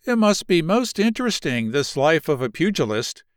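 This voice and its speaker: A man reading the part of a curious, eager young woman who presses with questions, raising his voice higher for her. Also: sing-song, normal speed, smooth, no room sound, studio quality.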